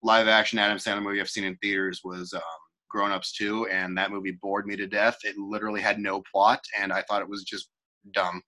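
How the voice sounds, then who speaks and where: A young man with a bright, forceful voice talks in a loose, rambling way. He stops and restarts often as he chats with a co-host. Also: lowish voice, little pitch movement, brisk. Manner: rambling, self-interrupting, frequent restarts. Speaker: podcast co-host. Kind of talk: casual chat.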